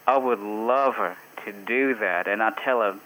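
A man's voice: fairly low pitch, moderate pace, sharp tone, a little hiss or hum, rough recording. A man from India calling in to a radio show by phone, talking hesitantly with many fillers and frequent laughs. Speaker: caller. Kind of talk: call-in radio chat. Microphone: phone line.

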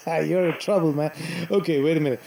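Teasing radio host, mellow voice. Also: male voice, fairly high pitch, normal speed, gravelly, a little hiss or hum. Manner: teasing, joking, interrupts. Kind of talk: call-in radio chat.

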